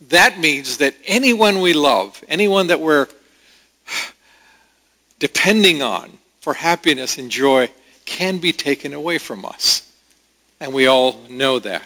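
A male pastor preaching a sermon at a slow, unhurried pace. His voice is bright and fairly high for a man, and he pauses often to reflect.

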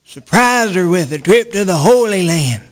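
A man telling a folksy stand-up story in a drawling, deadpan way. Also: sits high, normal speed. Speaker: comedian.

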